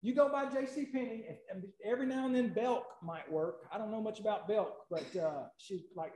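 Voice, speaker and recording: A man preaching a sermon. He tells folksy stories, repeats key points for emphasis and builds to loud, emphatic lists. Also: high voice, fairly quick, hardly any pauses, echoey room, poor audio. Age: 40s. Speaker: pastor.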